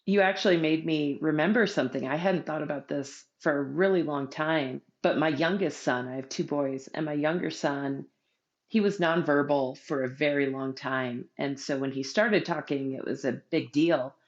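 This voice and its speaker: A woman's voice: deep voice, normal speed. A middle-aged woman sharing a personal memory in a casual conversation, earnest and reflective. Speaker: podcast guest. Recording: dull lo-fi audio.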